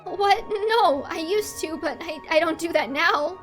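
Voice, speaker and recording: Woman voicing shy flustered princess, game scene, high-pitched. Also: normal speed, fairly bright tone, faint music behind.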